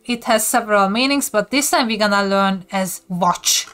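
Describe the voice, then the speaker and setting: A woman's voice: mid-range voice, moderate pace, a bit bright. A woman with a Hungarian accent, casually chatting on a live stream as she teaches viewers basic words and often giggles. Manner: giggly, reads and answers chat. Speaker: livestreamer teaching language basics.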